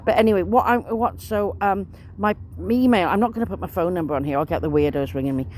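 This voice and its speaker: A woman's voice: lowish voice, fast, darkish tone. A woman chats on in a loose, rambling monologue. She sounds aggrieved and swears mildly as she goes. Faint noise hangs in the background. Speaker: vlogger.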